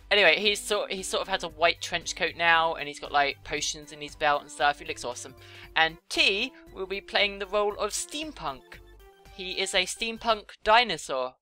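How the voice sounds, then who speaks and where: This young YouTuber's voice is on the low side yet bright and forceful as she chats through a drawing session. She giggles a lot and makes self-deprecating jokes along the way.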